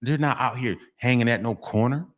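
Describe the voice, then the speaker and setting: A man's voice: medium pitch, a little fast. A middle-aged man, delivering a street monologue vlog, preachy and repetitive, often breaking into sing-song refrains. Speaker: vlogger.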